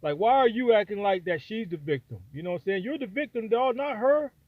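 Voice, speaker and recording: Brief: fired-up high-pitched man, AAVE, profane vlog rant, tinny phone-quality audio. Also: animated, brisk, dry recording. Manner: heated, profane, repetitive. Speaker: vlogger giving opinion. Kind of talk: angry opinion rant. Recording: dry, phone-like sound.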